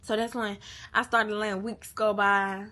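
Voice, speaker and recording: A woman's voice: medium pitch, little pitch movement, unhurried, pushed and bright. Candid woman venting. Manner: candid, emotional, profane, repeats herself. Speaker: vlogger. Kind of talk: emotional venting to camera.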